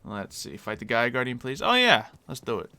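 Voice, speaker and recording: A man's voice: medium pitch, huge pitch swings, moderate pace, pushed and bright, soft background music. A man streaming a game live, chatting casually and answering viewers as he plays. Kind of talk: casual live-stream chat while gaming.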